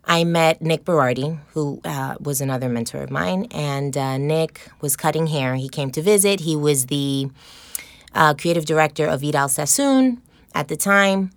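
Woman, salon owner, deep voice, dry sound, blunt and spirited storyteller. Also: moderate pace, no echo. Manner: lively, direct, in-your-face storyteller. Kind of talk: storytelling interview answers.

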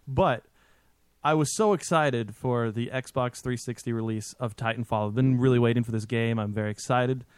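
Guy cohosting a podcast, animated storyteller, swears a lot, dry close sound, mid voice. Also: mid-range voice, moderate pace, clear, resonant tone, dry recording. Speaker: podcast co-host. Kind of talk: casual chat.

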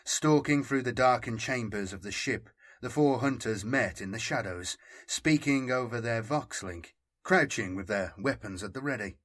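A man narrating an audiobook in a slow, deliberate scripted reading. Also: medium pitch, fairly bright tone.

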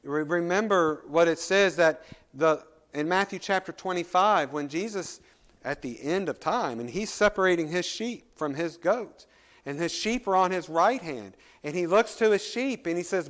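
Pastor guy preaching, fairly high voice, reads bible verses then breaks them down, punches key words. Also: animated, normal speed, fairly bright tone. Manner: reads scripture aloud then explains it, rising and falling emphasis. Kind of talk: sermon.

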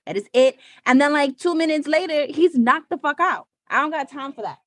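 A woman's voice: high-pitched, fairly quick, a bit bright, no echo. A woman co-hosting a podcast, talking bluntly and profanely with sassy asides in casual chat. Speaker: podcast co-host.

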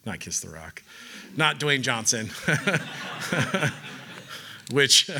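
A man's voice: medium pitch, animated, unhurried, vocal fry, pushed and bright, slight background noise. A man preaching a sermon in a casual, conversational way, with joking asides and acted-out quoted voices. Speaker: pastor.

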